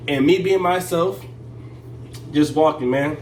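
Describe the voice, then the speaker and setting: A man casually telling a story, animated and full of fillers and restarts. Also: fairly high pitch, takes it slowly, echoey room, recorded from a distance, a little hiss or hum, low-quality recording. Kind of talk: casual story time chat.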